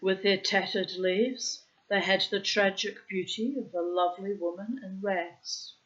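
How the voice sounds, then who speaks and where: A woman narrates a short story in an unhurried, measured way. Her voice sits at a middling pitch. The recording sounds a little dull and muffled. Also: steady tone, a bit bright. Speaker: reader.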